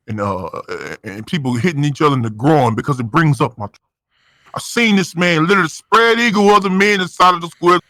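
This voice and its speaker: A man doing over-the-top comedic wrestling commentary, dramatic and excitable. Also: on the high side, no room sound.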